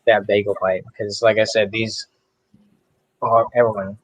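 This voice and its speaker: A man's voice: on the low side, little pitch movement, measured pace, no room sound, poor audio. A man tasting beer and describing it in a rambling, casual way as a guest on a video call.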